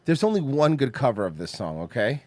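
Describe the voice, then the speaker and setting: A man's voice: medium pitch, big pitch swings, brisk, a little mellow, dry recording. A man hosting a casual comedy podcast, teasing and sarcastic with his co-hosts. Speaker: podcast host.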